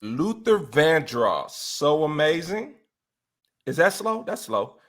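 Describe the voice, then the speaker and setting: A young man chatting casually as a podcast guest, animated, often laughing and breaking into bits of song. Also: on the high side, slow. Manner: animated, exclaims and sings snippets, laughs often.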